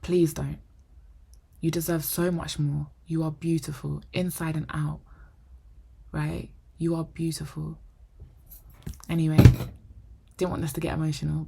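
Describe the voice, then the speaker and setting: Young woman, low husky vlogger voice, pleading advice to camera. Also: flat delivery, normal speed, pauses often, warm tone. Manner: earnest, pleading, keeps asking "right?". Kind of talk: heartfelt advice talk to camera.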